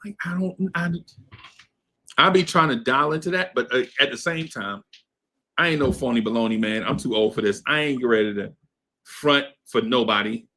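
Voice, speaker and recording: A man's voice: mid-range voice, normal speed, sharp tone. A man in his fifties telling a story in a laid-back podcast chat, laughing often and asking "right?" after his points. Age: 50s. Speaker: podcast co-host. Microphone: streamed podcast mic.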